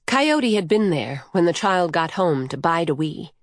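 A woman reading a novel aloud in measured, even storytelling. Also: on the low side, no room sound, clean studio sound. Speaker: audiobook narrator. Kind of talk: scripted narration.

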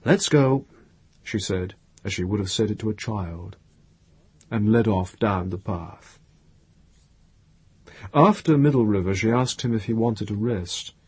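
A man reads fiction aloud as the audiobook narrator, in slow, measured narration. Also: fairly low pitch, darkish tone, breathy edge, dry recording. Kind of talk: scripted narration.

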